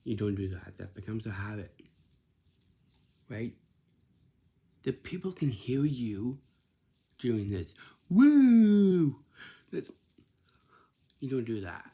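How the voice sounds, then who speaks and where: A man with a slow, husky, fairly low voice delivers a casual advice monologue. He repeats himself and scolds gently, tossing in "right?" to check that listeners follow. His tone is soft and mellow. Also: expressive. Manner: repetitive, scolding, lots of "right?". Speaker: vlogger giving workplace advice.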